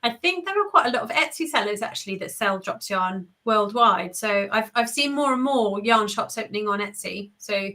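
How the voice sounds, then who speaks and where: A woman co-hosting a live online Q&A, chatty and animated and laughing often, over a video call. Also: mid-range voice, moderate pace, hardly any pauses. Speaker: co-host.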